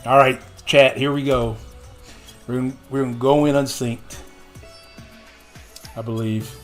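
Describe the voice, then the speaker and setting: A man streams a game and talks to his chat casually, often joking and laughing as he goes. His voice sits at a middle pitch. Faint music plays behind him. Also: steady tone, a little slow. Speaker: livestreamer. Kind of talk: casual gameplay livestream.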